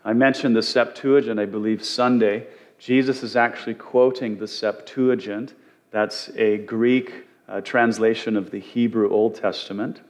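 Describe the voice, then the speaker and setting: A man's voice: fairly low pitch, steady tone, a little slow. A man teaching from the Bible as a pastor, in a conversational way with frequent fillers and restarts.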